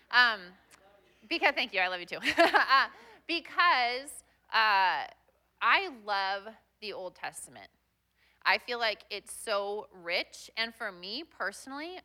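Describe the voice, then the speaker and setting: A woman's voice: medium pitch, bright, forceful tone. A young woman guest pastor giving a chatty, self-deprecating sermon with plenty of fillers.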